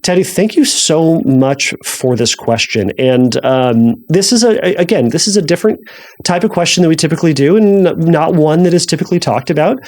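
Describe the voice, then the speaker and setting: A man's voice: fairly high pitch, expressive, brisk, a little mellow. A man hosting a podcast solo, talking loosely and conversationally with many restarts, with self-deprecating humor. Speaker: podcast host. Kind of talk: casual solo podcast talk.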